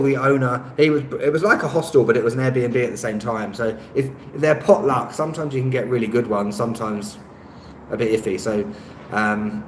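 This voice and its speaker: A man with a London Estuary accent chats away on a live stream, reading comments, rambling and filling the gaps with um. His voice sits at an ordinary middle pitch. The room is echoey, with steady noise and traffic in the background. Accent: Estuary English, London. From London, England. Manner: rambling, lots of ums and restarts, chatty and self-mocking. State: tired, no rest. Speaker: travel vlogger on a live stream. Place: rented room indoors.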